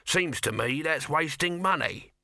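Man doing a sly middle-aged con man, bit higher than the narrator, dodgy and wheedly, dry close reading. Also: lively intonation, unhurried, creaky, sharp tone, dry recording, heavily acted. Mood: curious. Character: scheming middle-aged male huckster, wheedling.

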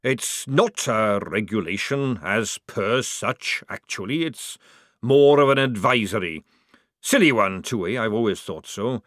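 A flustered male sergeant who stammers, hedges and flatters, his voice pitched up and pushed loud , as a man puts him on in a storybook reading. He swings between quick fawning and hasty backpedalling, heard up close with no room sound. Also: no echo. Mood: nervous.

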